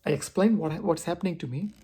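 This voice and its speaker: A man telling a personal story on his vlog, expressive and poking fun at himself. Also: a little high, fast, breathy edge. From India. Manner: expressive, self-mocking storyteller. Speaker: vlogger.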